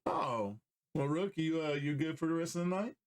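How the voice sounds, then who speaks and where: A slightly high-voiced male host who keeps things loose and slangy. He laughs easily, and his pitch bounces around a lot as he talks with his friends. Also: expressive, moderate pace. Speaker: podcast host. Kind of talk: casual chat.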